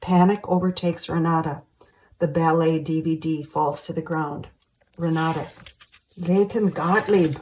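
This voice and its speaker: A woman reading a screenplay aloud, calmly stating scene headings and directions. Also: low-pitched, normal speed, rough recording. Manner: steady, matter-of-fact delivery of scene directions. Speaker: screenplay reader.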